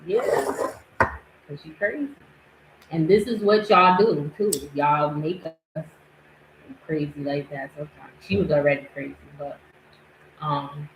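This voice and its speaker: A woman's voice: sits low, slight background noise. A woman hosting a podcast, chatting casually about a reality show clip and acting out what people said. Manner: animated, laughing, acting out quotes. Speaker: podcast host. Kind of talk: casual commentary chat. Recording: echoey room.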